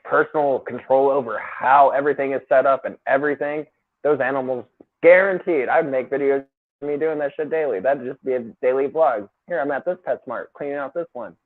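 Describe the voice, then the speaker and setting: A man joining a casual livestream chat as co-host, blunt and profane, speaking his mind. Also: medium pitch. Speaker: co-host guest. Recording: tinny phone-like call audio.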